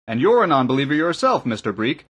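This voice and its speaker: A man reading the part of an elderly village priest in an audiobook, genial and gently scolding. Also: medium pitch, very animated, fast talker, husky, pitched above the performer's own voice. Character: elderly male village priest, fond of food.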